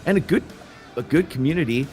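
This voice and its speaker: A man's voice: fairly high pitch, brisk, a little mellow, faint music behind. A man from Illinois, a guest on a livestream, telling stories in a plain-spoken, earnest way. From Illinois, USA. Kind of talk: casual chat.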